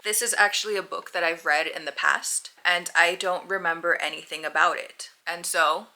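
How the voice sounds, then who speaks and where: A woman's voice: fairly low pitch, sharp tone. A woman book vlogger chatting casually to camera in a playful, self-deprecating way.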